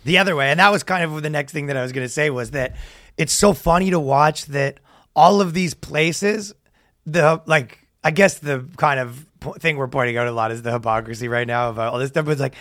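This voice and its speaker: A man's voice: fairly high pitch, a bit bright, no room sound, clean studio sound. A man co-hosting a podcast in loose, rambling casual chat, swearing and laughing easily. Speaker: podcast co-host.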